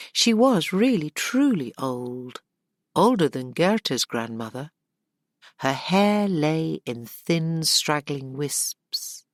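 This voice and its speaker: Woman reading a fantasy audiobook, low gravelly voice, slow, bouncy delivery. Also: no room sound, clean studio sound. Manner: expressive, voices the characters. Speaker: audiobook narrator. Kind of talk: scripted narration.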